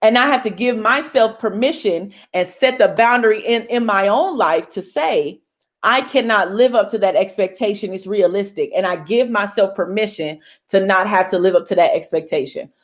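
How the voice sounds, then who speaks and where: A woman's voice: mid-range voice, normal speed. A young woman hosting a casual motivational talk to her viewers, emphatic and bold like a preacher. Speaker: host.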